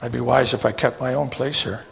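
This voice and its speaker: A man's voice: mid-range voice, fairly even intonation, gravelly, slight background noise. Preaching man in an echoing church. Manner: reads verses slowly, then explains in plain asides ending with "okay?". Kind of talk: sermon with scripture reading. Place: church sanctuary. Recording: long church reverb.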